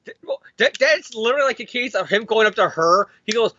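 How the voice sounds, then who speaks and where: A man with a high, bright voice that jumps all over as he rants and swears about comics. He talks fast in asides, close on a dull, dry, lo-fi mic. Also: animated. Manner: profane, ranting, fast asides. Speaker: podcast co-host. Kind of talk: casual comic book chat.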